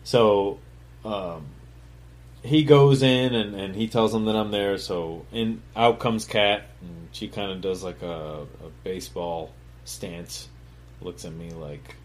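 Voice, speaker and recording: A man's voice: lowish voice, unhurried. A man hosting his own talk show, telling his life story in a loose, rambling way with lots of fillers and swearing, dropping to a mumble on asides. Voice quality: swears freely, acts out other people's voices in quoted dialogue. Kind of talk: casual storytelling monologue.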